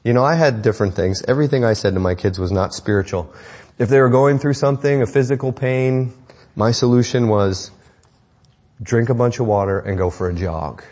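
Male pastor, middle-aged, mid-pitched voice, relaxed conversational sermon, self-deprecating humor. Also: a little fast, noisy background. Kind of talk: sermon on parenting.

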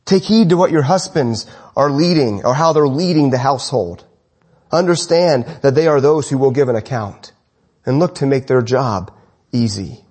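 Husky-voiced man preaching with fervor. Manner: impassioned, swings between raised urgent lines and low quiet ones. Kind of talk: sermon. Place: church congregation, evening service.

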